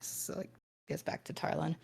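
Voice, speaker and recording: A woman's voice: normal speed, darkish tone. A woman narrating as game master of a tabletop game, rambling with many fillers and restarts.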